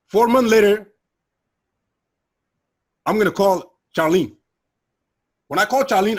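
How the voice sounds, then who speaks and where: A middle-aged man tells his personal testimony in an earnest, emotional way. His voice sits a bit high for a man and has a husky, breathy edge. He sinks low and quiet when the memories turn hard. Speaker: guest sharing personal testimony.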